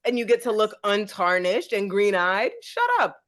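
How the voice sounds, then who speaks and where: A woman co-hosting a podcast in casual chat, animated and quick to mimic others in high voices, laughing often. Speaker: podcast co-host.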